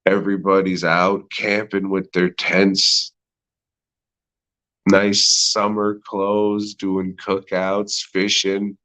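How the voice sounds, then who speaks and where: An American man hosting a podcast by himself rants about a movie in a profane, sarcastic ramble, laughing at his own jokes. His voice sits low, with a completely flat delivery, a slow pace and a sharp tone.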